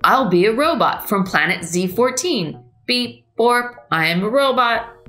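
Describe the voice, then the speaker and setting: A woman's voice: a little high, expressive, unhurried, fairly bright tone, soft background music, pitched above the performer's own voice. A woman voicing an enthusiastic young girl, chatty and playful.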